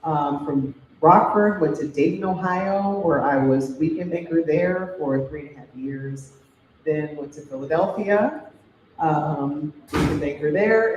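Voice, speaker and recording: A woman's voice: deep voice, a little slow, a little mellow, recorded from a distance, lo-fi sound, a little hiss or hum. A middle-aged woman from Chicago, a TV news anchor, speaking conversationally with fillers at a fireside chat. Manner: conversational, thoughtful with many fillers. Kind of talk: fireside chat answering questions. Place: large hall event. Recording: roomy hall audio from afar.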